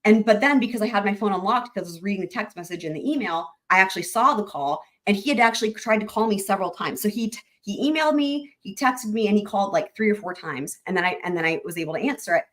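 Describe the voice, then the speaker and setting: A woman hosting a live-stream recap, chatting excitedly and rambling with lots of restarts. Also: mid-range voice, quick pace, few pauses. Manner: addresses viewers directly as y'all. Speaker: YouTube trial-recap host. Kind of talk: live-stream chat with viewers.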